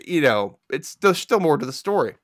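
A man hosting a podcast, recapping a movie plot in casual chat as an animated storyteller with sarcastic asides. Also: on the high side, moderate pace, no room sound, clean studio sound. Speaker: podcast host.

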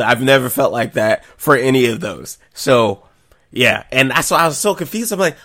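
A young man co-hosting a podcast in casual chat, animated and profane, laughing often. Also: medium pitch, moderate pace, no echo, studio quality. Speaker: podcast co-host.

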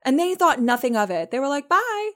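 A young woman co-hosting a chat podcast, telling a personal story in an animated way and acting out what people said. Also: high voice, fast. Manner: animated, acts out quoted voices. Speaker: podcast co-host.

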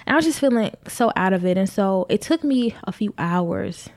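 A woman's voice: medium pitch, lively intonation, normal speed, a little mellow, no room sound, studio quality. A young pregnant woman candidly telling a personal story to her viewers, rambling a little and speaking to them directly. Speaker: vlogger.

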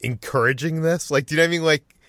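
A man hosting a podcast in a casual way, quick and loose as he leads the discussion. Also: on the high side, fairly bright tone, dry recording, studio quality. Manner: quick, loose, leading the talk. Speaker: podcast host, editor-in-chief.

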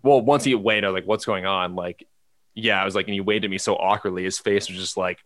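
A man's voice: deep voice, fairly even intonation, fast talker, a bit bright, no echo. A man telling a long personal story in casual podcast chat, rambling with lots of fillers and restarts. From Los Angeles area. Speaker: podcast co-host.

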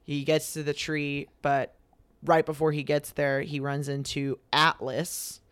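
A young man casually retelling a myth, full of fillers and quick acted-out quotes. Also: a little high, little pitch movement, a bit bright, clean tone, no echo. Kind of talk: casual storytelling chat.

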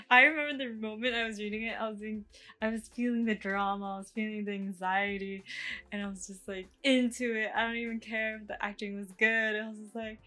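Bright-voiced woman chatting and laughing. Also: mid-range voice. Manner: laughs at herself, rambling, filler-heavy. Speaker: podcast host. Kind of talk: casual chat.

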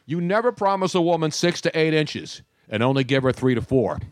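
A man's voice: on the high side, lively intonation, a little fast, no room sound, studio quality. A man hosting a talk show, joking and rambling in casual banter. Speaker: radio show host.

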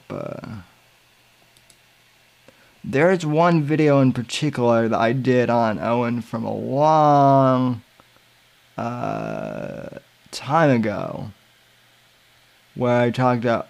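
A man hosting a podcast, giving casual commentary in a halting way with many filler sounds and restarts. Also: mid-range voice, very animated, gravelly, a little mellow. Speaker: podcast host.

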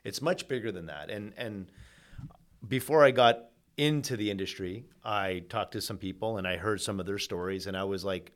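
A man, a mortgage agent guest on a podcast, talking in an easygoing, measured way with dry humor. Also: on the low side. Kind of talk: casual chat.

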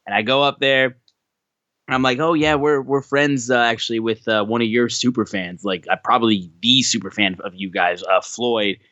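A young man co-hosting a podcast, telling stories in a casual, animated way and acting out what others said. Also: mid-range voice, moderate pace, no echo, muffled recording. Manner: animated, acts out quoted voices, swears casually. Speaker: podcast co-host.

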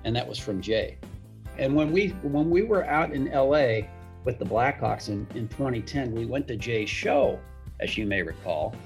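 A man's voice: medium pitch, lively intonation, moderate pace, gravelly, soft background music. A man telling a casual anecdote, chatty, repeating words as he goes and acting out the quotes. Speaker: guest storyteller.

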